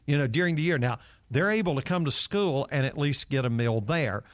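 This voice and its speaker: A nonprofit leader, interviewed as a guest, answers by telling stories earnestly with lots of fillers. His medium-pitched voice has lively intonation and a slightly fast pace, with no echo.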